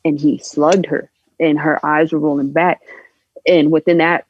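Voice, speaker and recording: A woman guest on a podcast, candidly telling a personal story in a halting, emotional way, acting out the voices she quotes. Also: deep voice, level tone, no room sound. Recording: dull lo-fi sound.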